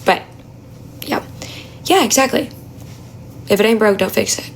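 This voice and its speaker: Gravelly young woman talking quietly. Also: medium pitch, animated, a little slow, a little hiss or hum, rough recording. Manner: talking quietly, half-hushed, chatty and blunt. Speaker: livestreamer answering chat. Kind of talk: casual live stream chat. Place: home apartment at night. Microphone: phone.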